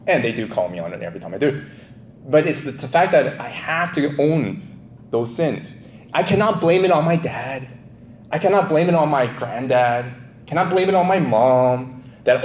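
A man's voice: fairly high pitch, lively intonation, normal speed, pauses often, a little mellow, slight background noise. A man preaching a casual, conversational sermon, chuckling often and asking his listeners "right?". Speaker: pastor. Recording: echoey room, faint ambience.

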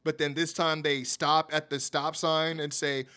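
A podcast host, a man with a voice on the higher side, recaps the week's wrestling in a loose, chatty way. He stacks up fillers and often breaks into laughter at his own jokes. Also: level tone, unhurried, bright, forceful tone, smooth. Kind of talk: casual wrestling show recap.

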